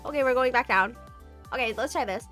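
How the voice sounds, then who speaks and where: High-voiced chatty woman streamer. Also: brisk, a bit bright, soft background music. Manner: chatty, lots of "like" fillers, laughing. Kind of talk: casual storytelling on stream.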